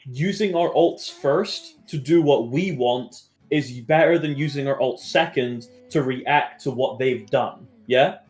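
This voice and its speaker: A man's voice: mid-range voice, slow, hardly any pauses, a little mellow. A man coaching his esports team through a match review, direct and blunt, swearing freely and checking in with his players often. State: has the hiccups.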